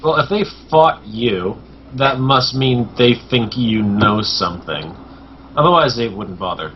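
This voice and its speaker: A man's voice: medium pitch, expressive, unhurried. A man playing a tabletop game, reasoning aloud in a casual way, on a muffled recording. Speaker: player. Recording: lo-fi voice chat with faint noise.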